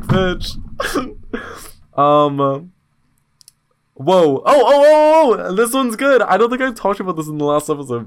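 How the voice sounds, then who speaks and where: A man hosting a podcast in casual chat, telling stories in a blunt, slangy, animated way with sudden excited jumps in pitch. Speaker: podcast host.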